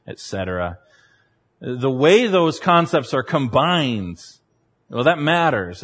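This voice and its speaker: A man preaching a sermon from the pulpit, conversational and teacherly, with humorous asides. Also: medium pitch. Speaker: pastor. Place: church sanctuary. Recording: reverberant church hall.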